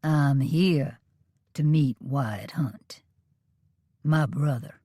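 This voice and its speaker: A woman voicing a wary, terse drifter man with a gravelly, twangy Southern accent, spoken low and hushed. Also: extremely slow, no room sound, studio quality, exaggerated voice. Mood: gruff wary.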